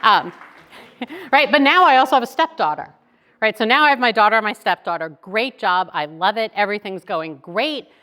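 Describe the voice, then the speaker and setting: A woman, giving a keynote talk as lively conversational storytelling that keeps checking in with "right?". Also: mid-range voice, moderate pace. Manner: chatty, animated, tags lines with "right?". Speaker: keynote speaker.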